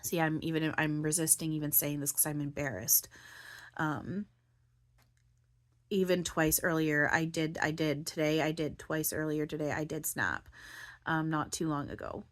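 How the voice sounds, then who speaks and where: A woman's voice: deep voice, steady tone, normal speed. A woman talking through her feelings in a rambling personal monologue, filling her talk with "like" and "you know", at times close to tears. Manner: rambling, full of "like" and "you know", restarts often. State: near tears, voice breaking. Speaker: spiritual channeler and vlogger.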